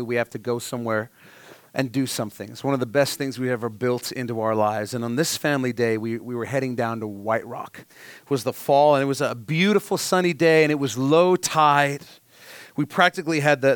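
A pastor in his thirties delivers a heartfelt sermon, an ordinary mid-pitched man who turns quiet and tender when the feeling runs deep. His voice is close and dry, with almost no room around it. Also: clear, resonant tone, dry recording. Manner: earnest, heartfelt storytelling with sudden soft drops.

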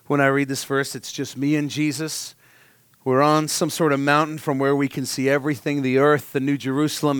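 A man in his thirties preaching a sermon, earnest and heartfelt, telling a personal story and dropping softly at emotional moments. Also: mid-range voice, clean tone, dry recording. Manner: earnest, heartfelt storytelling with sudden soft drops. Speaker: pastor.

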